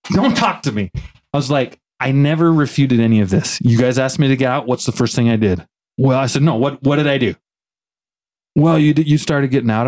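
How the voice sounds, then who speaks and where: A man co-hosting a podcast, telling a story in a casual, animated way and acting out both sides of a heated argument. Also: mid-range voice. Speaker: podcast co-host.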